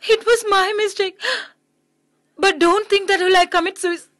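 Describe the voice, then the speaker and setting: This is a proud tomboy of a young woman, with a high voice. She talks with sarcastic reproach, close and dry. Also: normal speed, fairly bright tone, no echo. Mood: tearful. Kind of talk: English dub of a film drama.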